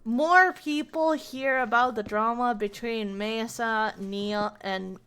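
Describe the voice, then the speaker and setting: Slow-talking young woman streamer, rambling. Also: fairly high pitch, a bit bright, clear, resonant tone. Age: young adult. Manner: rambling, searching for names, many fillers. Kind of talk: casual storytelling while gaming.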